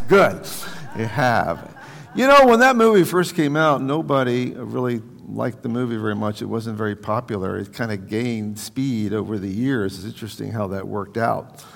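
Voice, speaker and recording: A man's voice: mid-range voice, long reverb tail. A man preaching a conversational sermon as pastor, full of asides and restarts. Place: church hall.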